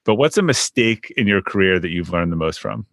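Low dry-sounding guy hosting a podcast, laid back, stumbles and repeats words a lot. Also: a little fast, gravelly, dry recording. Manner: relaxed, stammers and repeats words. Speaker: podcast host. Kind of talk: interview hosting.

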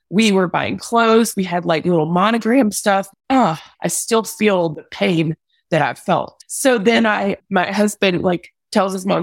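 A woman's voice: lowish voice, dry recording. A young adult woman recounting a painful personal ordeal as a podcast guest, candid and rambling with many "like"s. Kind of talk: emotional personal account.

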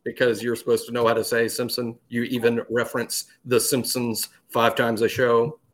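A man's voice: medium pitch, completely flat delivery, moderate pace. A man co-hosting a casual sports podcast, explaining things earnestly and correcting himself as he goes. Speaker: podcast co-host.

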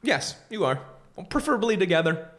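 A man's voice: sits high, sing-song, brisk, a bit bright. An American man co-hosting a podcast, trading wry, laid-back banter. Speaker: podcast co-host. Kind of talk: casual comedic chat.

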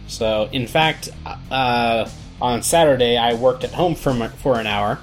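A man hosting a podcast in casual chat, relaxed and rambling with lots of fillers. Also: mid-range voice, slow, faint music behind. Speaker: podcast host.

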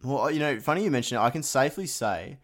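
A man's voice: mid-range voice, expressive, fast, fairly bright tone. A man hosting a podcast, chatting casually and poking fun at himself. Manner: chatty, self-mocking banter. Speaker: podcast host. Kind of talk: casual chat.

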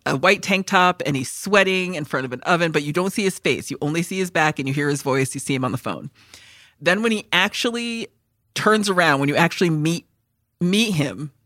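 Lady podcaster retelling a movie all excited, bright tone, acts out the lines loud. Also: deep voice, dry recording, studio quality. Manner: animated, swearing, acts out film lines in loud voices. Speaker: podcast co-host. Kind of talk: casual movie chat.

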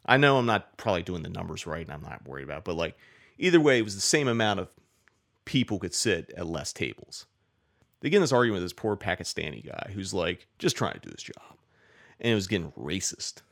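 A man with a low, gravelly, fairly bright voice tells a long, rambling story at a quick pace with a sing-song lilt. He curses often and fills his talk with "like."

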